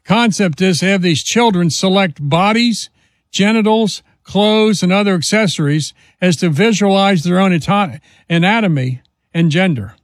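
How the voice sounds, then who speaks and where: A man's voice: high-pitched, normal speed, no room sound. A man hosting a talk radio show, commenting in an indignant, emphatic and mocking way.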